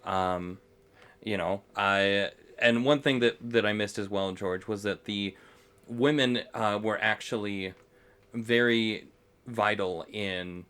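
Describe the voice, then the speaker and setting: A man's voice: fairly low pitch, takes it slowly, a bit bright, clear, resonant tone. A man narrating as game master of a tabletop game, hesitant with many fillers.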